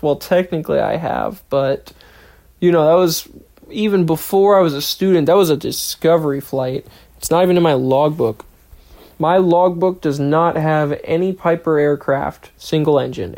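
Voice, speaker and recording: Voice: mid-range voice, steady tone, moderate pace, mellow. Rambling, jokey young adult podcast host. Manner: rambling and jokey, acts out quoted lines in silly voices. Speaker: podcast host, trainee pilot. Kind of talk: casual solo podcast monologue.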